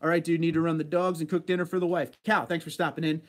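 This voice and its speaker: A laid-back man talks with his livestream viewers, casual and chatty, laughing easily as he answers their comments. His voice sits a bit high for a man. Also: little pitch movement, quick pace. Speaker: livestream host reading chat. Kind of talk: casual chat.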